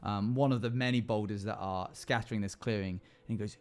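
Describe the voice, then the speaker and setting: A man with a lowish, steady voice speaks briskly over faint background music. He's live-streaming a choose-your-path adventure, casually narrating it for his chat with plenty of fillers and restarts.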